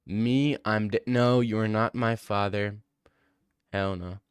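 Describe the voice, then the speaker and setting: A man's voice: on the low side, fairly even intonation, slow, clean tone, no echo. A man in his twenties streaming, reading chat aloud and bantering and joking back at it in casual talk.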